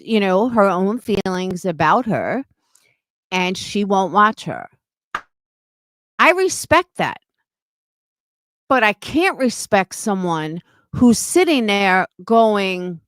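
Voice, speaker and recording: Thirties woman streamer, heated and indignant, swears freely, measured slow pace. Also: mid-range voice, expressive, no room sound, clean studio sound. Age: 30s. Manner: blunt, profane and indignant. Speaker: live streamer. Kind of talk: heated live-stream rant.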